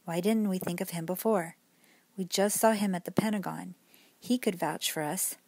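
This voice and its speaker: A woman voicing an eager seventeen-year-old boy detective in a bedtime story, quick to exclaim. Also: on the low side, dark tone, no echo.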